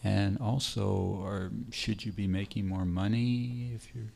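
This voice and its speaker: A man's voice: on the low side, steady tone, unhurried, creaky, crowd noise. A man in the audience asks the panel a question, a little hesitantly. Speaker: audience member asking a question.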